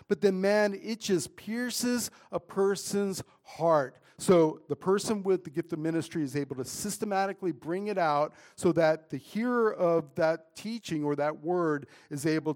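A man's voice: a little high, a little mellow. A middle-aged man preaching a sermon in a casual, conversational way, often saying "man" and "right?". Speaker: pastor.

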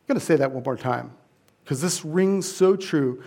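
High-voiced man preaching a casual sermon. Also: normal speed, darkish tone. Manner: conversational, repeats words, jokes with the congregation. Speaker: pastor.

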